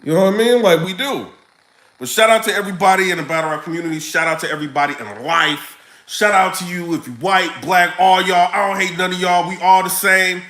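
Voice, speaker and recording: High, bright-voiced man ranting to camera. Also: brisk, reverberant, low-quality recording. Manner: animated, laughing, street slang. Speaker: vlogger. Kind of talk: casual rant to camera.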